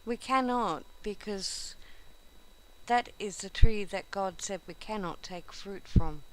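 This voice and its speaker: A woman's voice: mid-range voice, takes it slowly, natural voice, poor audio. A woman voicing a faithful young woman who refuses firmly and earnestly in a storybook. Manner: firm and earnest.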